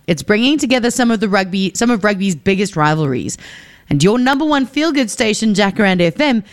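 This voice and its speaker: A woman radio DJ presenting in a chatty, upbeat and casual way. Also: medium pitch. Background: faint music.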